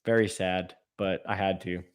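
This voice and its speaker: A man's voice: sits low, fairly even intonation, normal speed, smooth. A man hosting a casual live stream, reading out viewer comments and answering them enthusiastically off the cuff. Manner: enthusiastic, talks off the cuff with fillers and restarts. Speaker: aquarium channel host.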